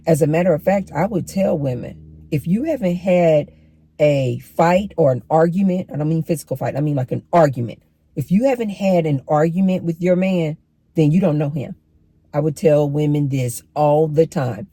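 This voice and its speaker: In a low, warm, slightly rough voice at a moderate pace, a middle-aged woman delivers an advice monologue to camera. She addresses women directly about relationships, sounding emphatic and preachy.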